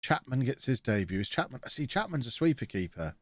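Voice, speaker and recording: A man's voice: medium pitch, big pitch swings, fairly quick, no echo. A man with a blocked nose, chatting and joking through a live-streamed game commentary as he reacts to his chat.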